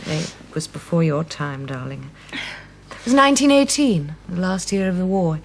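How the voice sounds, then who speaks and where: A woman's voice: fairly low pitch, big pitch swings, normal speed, slight background noise. An actress playing a worldly woman who frankly and affectionately comforts a younger woman.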